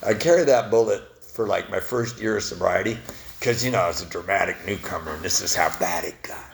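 A man sharing his recovery story at a meeting, self-mocking and laughing at his own past, swinging between loud bits and quiet confession. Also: sits low, a little fast, gravelly, a little hiss or hum. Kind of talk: personal testimony at a recovery meeting.

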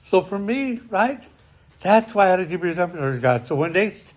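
A man's voice: sits high, sing-song. Emphatic man sharing his recovery story. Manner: emphatic, rising and slowing when angry, tag questions "right?". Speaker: speaker sharing at a recovery meeting. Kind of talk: personal recovery testimony.

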